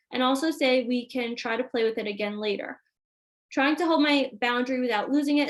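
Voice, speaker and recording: A woman hosting a live Q&A as a parenting coach, reading viewer questions aloud and acting out example dialogue. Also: on the high side.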